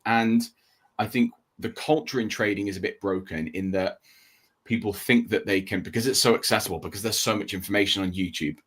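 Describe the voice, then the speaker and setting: Steady low-voiced man explaining. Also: a little fast, slightly rough. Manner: steady explaining, checks in with "okay?" and "right?". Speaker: trading livestream co-host. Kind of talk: casual livestream talk.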